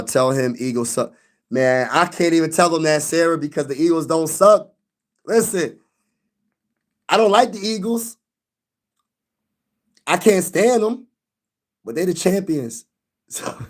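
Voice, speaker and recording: Young man, slangy live-stream banter, sports venting, fairly high voice. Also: slow, pauses often. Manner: loose slang-heavy banter, talks back to chat.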